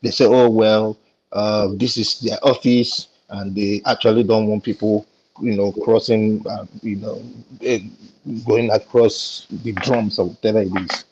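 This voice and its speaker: A man's voice: fairly low pitch, level tone, a little slow, a little mellow, husky, dull audio. A man with a Nigerian accent in a casual panel discussion, telling an indignant story and acting out the exchanges.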